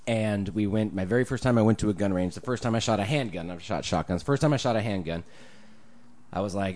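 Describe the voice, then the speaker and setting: A man co-hosting a casual podcast chat, an animated storyteller who swears freely. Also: on the low side, fast talker. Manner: animated storyteller, swears freely, jumps into loud put-on voices. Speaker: podcast co-host.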